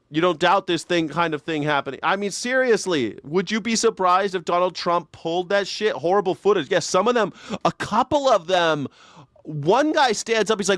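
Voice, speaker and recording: A man's voice: high-pitched, lively intonation, moderate pace, a bit bright, no room sound, studio quality. A man hosting a live news reaction show, talking in a crude, sarcastic and mocking way. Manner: sarcastic, crude and mocking, slips into exaggerated mimicking voices.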